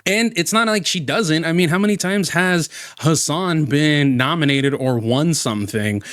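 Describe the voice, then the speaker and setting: A man's voice: fairly high pitch, measured pace, fairly bright tone, dry recording, clean studio sound. A man giving exasperated reaction commentary on a streamer, ranting with many restarts.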